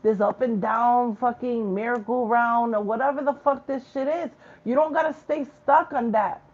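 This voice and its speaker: In a vlog, a spiritual reader delivers her message bluntly, preaching with lots of swearing and street slang. Her voice is a little high and steady, her pace moderate, and the recording sounds muffled.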